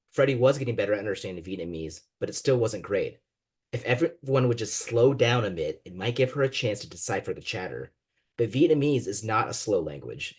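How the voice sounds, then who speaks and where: Guy reading his own novel out loud on a video call, low husky voice, pretty expressive. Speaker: guest author. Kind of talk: reading his fiction aloud.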